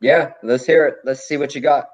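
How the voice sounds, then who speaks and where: A man's voice: mid-range voice, fairly even intonation, normal speed. A man co-hosting a livestream, teasing a caller in dry casual chat. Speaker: livestream co-host. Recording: dull lo-fi audio.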